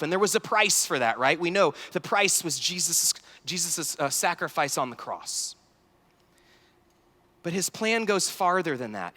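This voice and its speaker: A man in his thirties giving an animated, story-filled talk at a youth conference, acting out dialogue. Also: fairly high pitch. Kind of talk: sermon-style talk with stories. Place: large conference hall. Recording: large hall reverb.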